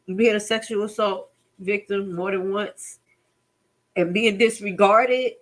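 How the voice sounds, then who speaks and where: A woman's voice: medium pitch, steady tone, slow pace, poor audio. A woman hosting a livestream and reacting with heated, agitated commentary, swearing and speaking out bluntly. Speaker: livestream host.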